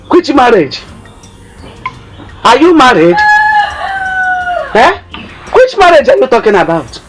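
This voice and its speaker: A woman's voice: a little high, slightly rough, full character voice. A woman with a Nigerian Igbo accent, playing a middle-aged mother who mocks and scolds her daughter. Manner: mocking, scolding, drawn-out emphasis. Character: scornful greedy mother berating her daughter. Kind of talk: film acting.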